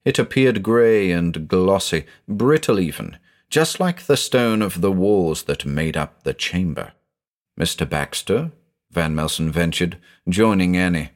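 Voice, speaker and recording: A male narrator with a very deep voice tells a scripted audio mystery, sweeping his pitch up and down with real drama. His delivery is expressive and suspenseful.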